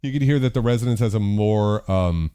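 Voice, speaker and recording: A male host demonstrating synthesizers on a live stream. His voice is dark and mellow. He thinks aloud with a loose, profane, self-mocking manner. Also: on the low side, a little fast, smooth, soft background music. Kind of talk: casual live-stream demo.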